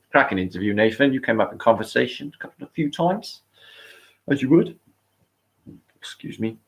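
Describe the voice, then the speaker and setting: A middle-aged British man hosting a livestream, chatting casually, rambling and swearing as he reads out viewer comments. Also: medium pitch. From Britain. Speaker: livestream host.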